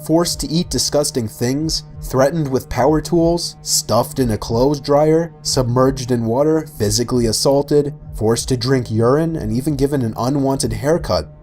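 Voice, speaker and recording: Man narrating over clear music. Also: medium pitch, measured pace, hardly any pauses, a little mellow. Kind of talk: scripted list narration.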